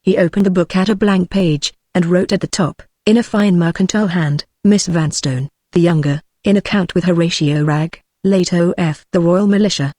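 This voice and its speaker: A woman's voice: lowish voice, normal speed, hardly any pauses, mellow, dry recording, clean studio sound. Synthetic British woman reading a novel. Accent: British English. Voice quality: synthetic, evenly paced. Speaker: audiobook narrator. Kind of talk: text-to-speech book reading.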